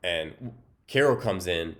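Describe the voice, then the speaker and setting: Man, very low voice, casual comedic movie recap, deadpan, rambling, filler words. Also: slow pace.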